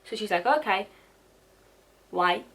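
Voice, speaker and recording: A woman's voice: on the high side, normal speed, a bit bright, a little hiss or hum. A young woman chatting casually about her unread books, with dramatic asides and casual swearing. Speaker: book vlogger. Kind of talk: casual chat.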